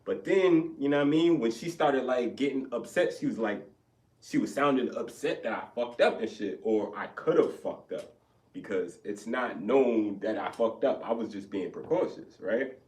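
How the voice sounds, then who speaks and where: A young man telling a story in a casual podcast chat, animated and profane, acting out both sides of an argument. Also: mid-range voice, normal speed, far from the mic. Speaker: podcast co-host. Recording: echoey room, off-mic.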